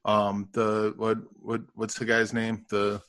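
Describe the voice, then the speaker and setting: A man's voice: fairly low pitch, monotone, slow pace, a bit bright, clean tone. A man co-hosting in casual chat, hesitant with many fillers and restarts. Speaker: co-host reviewer.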